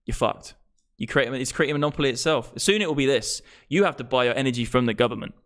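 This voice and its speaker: A man's voice: mid-range voice, quick pace, fairly bright tone. A man of about thirty, ranting exasperatedly and profanely on a live stream about money and prices. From England. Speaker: crypto streamer.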